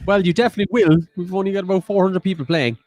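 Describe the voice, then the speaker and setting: A man's voice: high-pitched, fairly even intonation, very fast, over loud music. A man with a Cork Irish accent co-hosting a livestreamed quiz, bantering and teasing his partner in casual chat. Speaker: quiz co-host.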